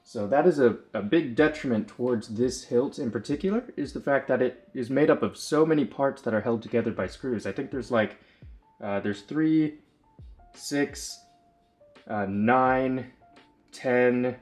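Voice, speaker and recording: A man's voice: mid-range voice, unhurried, a little mellow, soft background music. A man casually explaining his hobby build work, rambling and correcting himself often with plenty of fillers. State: slightly out of breath. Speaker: lightsaber builder.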